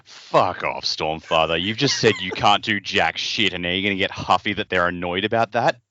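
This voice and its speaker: Low-voiced guy cracking wry jokes on a book podcast, lively tone, dull dry sound. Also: moderate pace, dry recording. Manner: wry, swears freely, laughs often. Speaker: podcast co-host. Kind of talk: casual book discussion chat.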